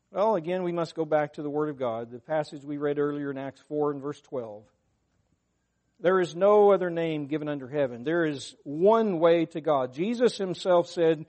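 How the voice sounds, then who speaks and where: A man's voice: fairly high pitch, darkish tone. A man preaching a sermon to his congregation, earnest and emphatic, rising in force when he quotes scripture. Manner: unscripted, talks to the congregation.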